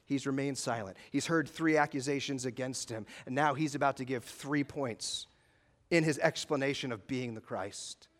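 A man preaching a sermon, dramatically acting out the high priest's questions. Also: animated, moderate pace, fairly bright tone. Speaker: pastor.

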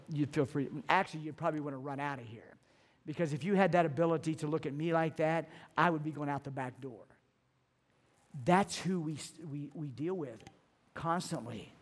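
Earnest man preaching a sermon. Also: fairly high pitch. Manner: earnest, emphatic preaching with slowed, stressed phrases. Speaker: pastor.

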